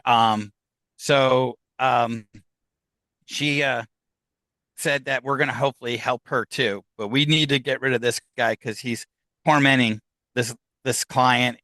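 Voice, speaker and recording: A man from Upstate New York, appearing as a guest in a podcast interview, has a medium-pitched, bright, forceful voice, recorded with no room sound and poor audio quality. He rambles through a long story, halting with fillers and restarts and acting out other people's lines.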